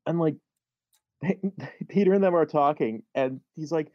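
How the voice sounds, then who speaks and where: A man's voice: a little high, a little slow, dry recording, highs cut off. A young man, a guest in casual comedic chat, telling a story in a wry, laid-back way. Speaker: podcast guest.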